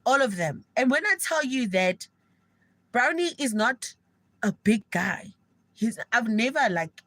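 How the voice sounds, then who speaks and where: Woman, South African accent, young adult, livestream storytelling, excitable, slangy, slightly high voice. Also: a little slow, no room sound, low-quality recording. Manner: animated, excitable gossip with slang. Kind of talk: casual storytelling on a live stream.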